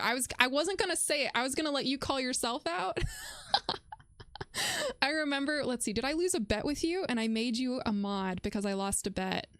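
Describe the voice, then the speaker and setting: A playful woman explains a science paper on a live stream, her slightly high voice bouncing between chat replies and the text. She talks casually, with plenty of fillers and restarts. The sound is dry and close, with no room around her. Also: smooth, no echo. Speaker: livestreamer reviewing a research paper.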